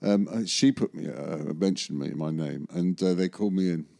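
A man's voice: low-pitched, moderate pace, creaky, dark tone. A man, a magician, telling a rambling anecdote in an interview, often correcting himself and chuckling. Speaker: magician recalling film work.

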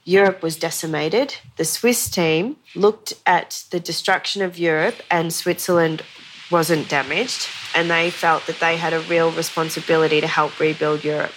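A woman's voice: low voice, fairly even intonation, moderate pace, a little hiss or hum. A woman guest on a podcast, telling a long story in a conversational way, often saying "you know".

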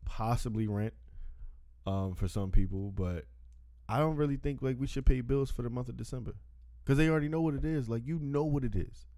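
A man's voice: medium pitch, brisk, mellow, dry recording, studio quality. A man joking in laid-back podcast chat. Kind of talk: casual chat.

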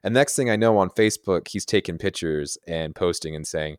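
A man with a very deep voice co-hosts a relaxed podcast. He sounds enthusiastic and quick to laugh, recorded dry with no room echo. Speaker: podcast co-host. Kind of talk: casual chat.

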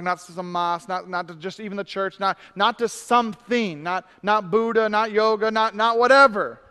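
A man preaching a sermon as pastor, swinging between emphatic preaching and hushed, intimate asides, with humorous self-deprecating moments. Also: high-pitched, clean tone. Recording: long church reverb.

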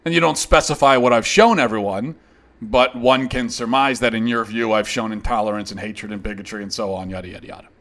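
A man's voice: lowish voice, brisk, a bit bright. A man hosting a show, delivering a heated, sarcastic opinion monologue in reply to a critic. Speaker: host.

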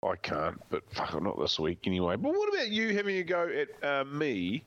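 A man's voice: medium pitch, huge pitch swings, fairly quick, fairly bright tone, highs cut off. An Australian man co-hosting a sports podcast, blunt and sarcastic, swearing freely. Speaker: podcast co-host. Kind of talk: casual sports chat.

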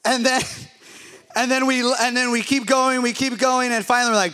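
A young man preaching as a pastor, telling a story in an animated, self-deprecating way and joking with his listeners. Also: extremely high pitch, normal speed. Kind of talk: humorous storytelling sermon.

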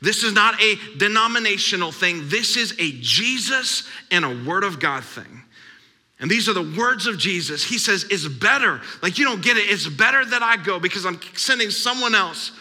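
A man's voice: sits high, animated, moderate pace, sharp tone. A man in his thirties preaching a sermon as pastor, emphatic and repetitive. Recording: long hall reverb.

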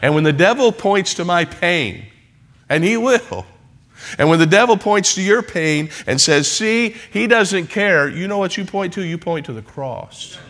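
A man's voice: on the high side, big pitch swings, moderate pace, fairly bright tone. A man preaching a sermon in church, building repeated refrains that rise into emphatic passages. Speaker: pastor.

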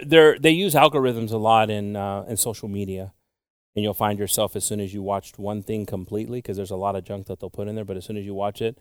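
A man's voice: fairly low pitch, a bit bright, no room sound, studio quality. A man preaching a sermon as pastor, in a casual, rambling way, chuckling and restarting his sentences.

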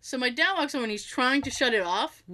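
Middle-aged woman, storyteller; animated, high and bright, acts out every quote. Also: fast talker. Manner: animated, laughs often while telling, acts out quotes. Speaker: storyteller in a chat. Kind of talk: casual anecdote telling.

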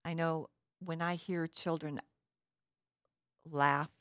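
Woman, low register, earnest personal storyteller, dry room. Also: fairly even intonation, slow, fairly bright tone, dry recording. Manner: earnest storytelling with rhetorical questions. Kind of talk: reflective personal talk.

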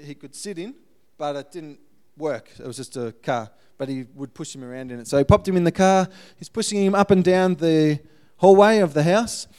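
A man giving a guest sermon, telling a missionary story in a lively way and acting out the people in it. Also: sits high, clean tone.

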